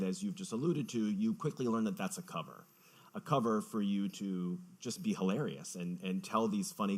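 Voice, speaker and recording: A man interviewing an author onstage, asking long, measured, probing questions. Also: lowish voice.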